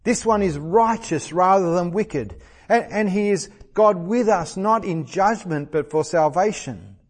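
Male preacher, middle-aged, slightly high voice, emphatic sermon delivery. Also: animated, unhurried. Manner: earnest, emphatic, repeats phrases for stress.

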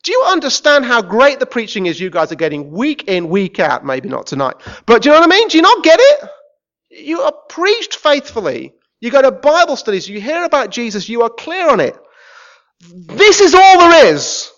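Englishman preaching with lively swings. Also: very high-pitched, a little fast, lo-fi sound. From England. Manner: swings from shouting rants to quiet pleading. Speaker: visiting preacher. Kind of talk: sermon. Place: church.

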